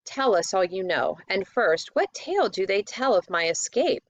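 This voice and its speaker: A woman's voice: medium pitch, sing-song, moderate pace, no room sound, lo-fi sound. A woman voicing a noble young king who speaks in a formal, old-fashioned way in a storybook reading. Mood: grave. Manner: formal, archaic speech.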